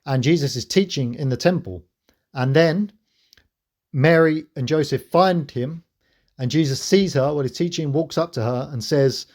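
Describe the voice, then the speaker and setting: A man's voice: medium pitch, normal speed, a little mellow. A man hosting his own channel, giving an earnest, preachy spiritual monologue to camera. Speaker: channel host.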